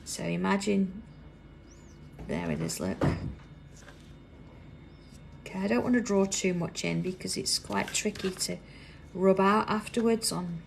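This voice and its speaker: Gravelly British woman, chatty craft demo. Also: medium pitch, very animated, measured pace, long pauses, noisy background. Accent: British English. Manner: chatty, drops to a soft whisper while drawing. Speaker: craft demonstrator hosting a live stream. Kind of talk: live craft tutorial chat. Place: busy indoor craft workroom.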